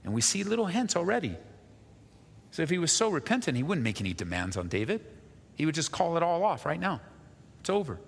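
A male pastor giving an expository sermon, reading scripture slowly and then explaining it with rhetorical questions. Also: a little high, very animated, vocal fry, breathy edge, in a large hall.

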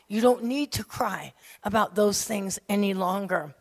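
A woman preaches with strong emotion, dropping to near-whispers and then rising to loud, emphatic lines. Her voice sits in an ordinary middle pitch. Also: measured pace, creaky. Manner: emotive, swings from soft hushed lines to loud emphatic ones. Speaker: women's ministry speaker. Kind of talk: sermon.

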